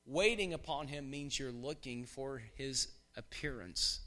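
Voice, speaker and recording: A man preaching a sermon in church, swinging from hushed, drawn-out lines to loud shouting bursts. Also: medium pitch.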